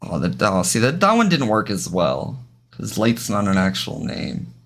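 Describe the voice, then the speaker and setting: Gravelly low-voiced man chatting on stream. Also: wildly swooping pitch, moderate pace, fairly bright tone. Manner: rambling, restarts sentences, chats to viewers. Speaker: game streamer. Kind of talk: casual live-stream chat while gaming.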